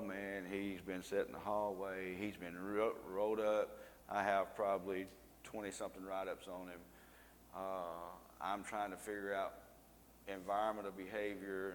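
A man teaches scripture to a group in a casual, back-and-forth way. He keeps pausing to quiz his listeners, waiting for them to fill in the answer. His voice carries with a long reverberation, as if spoken in a large hall. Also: deep voice, slight background noise. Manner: conversational, quizzes listeners with fill-in questions. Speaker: Bible study teacher. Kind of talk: informal Bible lesson to a group.

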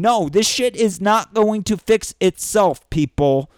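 A man in a profane political rant, angry and sweary, breaking into shouted bursts, recorded indoors. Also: high-pitched, lively intonation, slow pace, clear, resonant tone, no echo, studio quality. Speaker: vlogger. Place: indoors during a thunderstorm.

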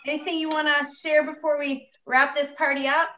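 A woman's voice: sits high, flat delivery, brisk, muffled recording, very noisy. A woman hosting a casual chat, bubbly and joking. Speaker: host. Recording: roomy with crowd behind.

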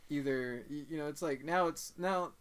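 A man's voice: a little high, moderate pace, clear, resonant tone. A young man in casual chat about films, rambling and restarting his sentences a lot. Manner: rambling, lots of fillers and restarts.

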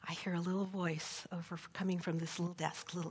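A woman's voice: fairly low pitch, little pitch movement, brisk, hardly any pauses, husky. A woman preacher giving an earnest sermon that tells a story and moves into prayer, often checking in with "right?". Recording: long hall reverb.

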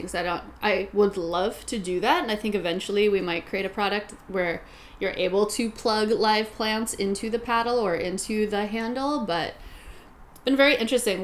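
A woman hosting a casual chat, speaking in an earnest, reflective way and thinking out loud. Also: mid-range voice, a little hiss or hum. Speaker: host.

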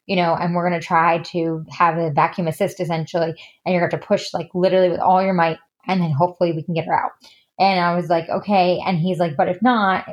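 A woman in her thirties, a podcast guest telling a personal story in a candid, chatty way, full of "like" and "you know". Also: lowish voice. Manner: chatty, heavy use of fillers like "you know" and "like".

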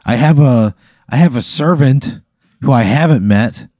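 Exasperated, swearing man with a mellow voice. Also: mid-range voice, lively intonation, a little slow, no room sound, studio quality. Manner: crass, exasperated, swears a lot. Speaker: podcast co-host, answering the hypothetical. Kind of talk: casual comedic banter.

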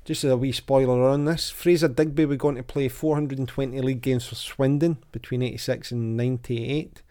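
A man hosts a relaxed football podcast, reading from an old magazine and quizzing his co-host. His voice is dark and mellow, with a chatty, easygoing delivery. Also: medium pitch, fairly quick. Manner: chatty, reads quotes aloud with lively voices. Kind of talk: casual football chat.

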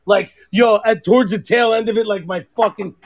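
Very high-voiced, profane male podcast host. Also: moderate pace. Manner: profane, animated storytelling. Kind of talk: casual chat.

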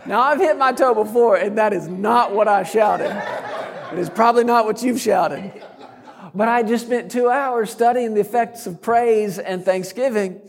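A middle-aged man preaching a sermon, telling a story and breaking into sudden loud shouts. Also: high voice, in a large hall. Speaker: guest preacher.

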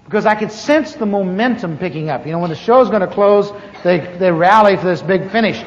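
A man's voice: high voice, a little fast. An older man telling a humorous personal testimony, acting out the dialogue as he goes. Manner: animated storyteller who acts out the dialogue. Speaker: speaker giving a personal testimony. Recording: echoey hall, dull lo-fi sound, faint hiss.

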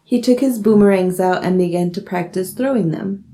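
A woman's voice: mid-range voice, normal speed, dark tone. A young woman co-hosting a podcast, trading playful quips and reading a folk tale aloud. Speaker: podcast co-host.

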